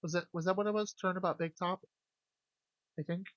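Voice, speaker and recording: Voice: medium pitch, steady tone, brisk, dry recording, lo-fi sound. A streamer chatting casually with viewers, jokey and loose, swearing freely. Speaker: game streamer.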